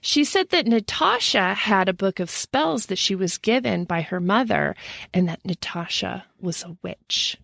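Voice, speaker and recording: A woman's voice: medium pitch, lively intonation, a little slow, vocal fry, a bit bright, dry recording, studio quality. A woman podcast co-host telling a story in casual chat, laughing at her own slips.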